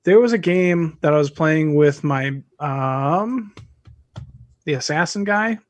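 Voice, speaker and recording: A man's voice: fairly high pitch, lively intonation, slow, no room sound. Joking, foul-mouthed male podcast co-host. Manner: rambling, joking, swears freely. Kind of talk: casual chat.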